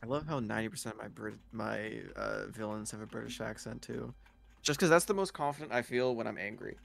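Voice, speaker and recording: A man's voice: on the low side, a little fast, vocal fry, fairly bright tone. A man running a tabletop game, chatting casually afterward, laughing often and swearing freely. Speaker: game master.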